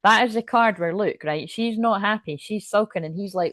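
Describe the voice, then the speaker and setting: A woman's voice: mid-range voice, normal speed, hardly any pauses, a bit bright, no echo. A woman reading tarot cards on a live stream, chatty and laughing often, with rambling asides. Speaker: tarot reader.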